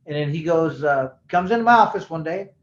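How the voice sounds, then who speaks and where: Rambling storyteller in a roomy space. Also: male voice, fairly high pitch, animated, brisk. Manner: loose, rambling storyteller who acts out quoted voices. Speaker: bail bondsman guest. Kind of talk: casual storytelling interview. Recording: roomy, dull-sounding room.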